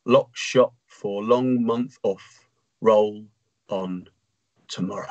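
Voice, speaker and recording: A man on a video call performing a comic poem, delivering it slowly and deliberately. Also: fairly low pitch, darkish tone, muffled recording. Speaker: poet performing. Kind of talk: performance poetry reading. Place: home.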